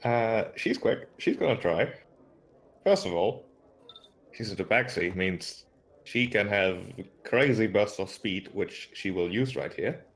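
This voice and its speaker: A man with a fairly low voice plays a tabletop game. He talks casually and plans his character's moves out loud. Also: measured pace. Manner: relaxed, planning moves aloud. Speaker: player.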